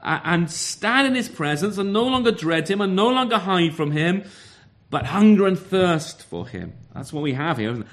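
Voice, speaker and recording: Male preacher, slightly higher voice, earnest sermon delivery, rhetorical questions. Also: animated, normal speed, a bit bright. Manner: earnest, repeats words, asks rhetorical questions.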